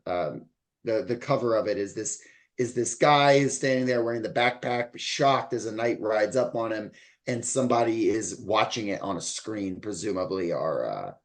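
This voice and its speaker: A man co-hosting a podcast, talking through a book in a loose, rambling way with lots of fillers. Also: mid-range voice. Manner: rambling, loose delivery full of likes and ums. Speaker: podcast co-host. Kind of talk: casual book-discussion chat.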